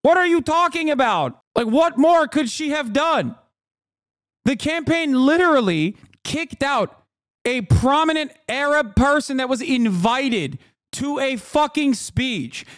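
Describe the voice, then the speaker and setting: Exasperated high-voiced male streamer ranting. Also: lively intonation, unhurried, dry recording, studio quality. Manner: exasperated, profane, incredulous, shouts at times. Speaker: streamer reacting to a video. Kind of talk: angry ranting commentary.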